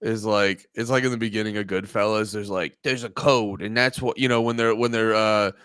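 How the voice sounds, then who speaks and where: A man's voice: lowish voice, steady tone, brisk, a bit bright, clean tone, no echo, clean studio sound. A man in casual stream chat, rambling and cursing, acting out quotes in mock voices. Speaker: co-host.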